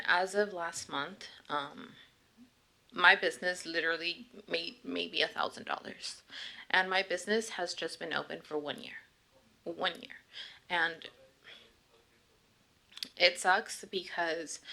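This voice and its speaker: A woman speaks into a podium microphone in a city council chamber. Her voice is bright and clear, but her delivery is halting and full of ums, and it strains as she fights back tears. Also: fairly low pitch. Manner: earnest, halting with many ums, grows emotional. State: tearful, voice straining. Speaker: local business owner giving public comment. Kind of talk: public comment at a council meeting.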